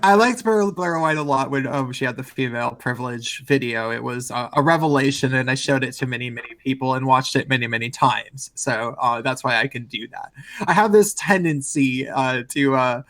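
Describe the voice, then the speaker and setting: A man hosts a podcast in loose, casual talk. He is blunt and rambles, filling his sentences with "uh" and "like." His voice sits in an ordinary middle pitch. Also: moderate pace, fairly bright tone, dry recording. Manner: blunt, rambling, with frequent fillers. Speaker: podcast host. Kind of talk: casual conversation.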